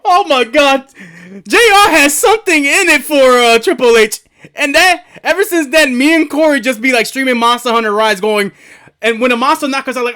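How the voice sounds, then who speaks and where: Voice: high-pitched, moderate pace, bright, forceful tone. A streamer chatting casually, rambling, swearing and laughing often while setting up a video.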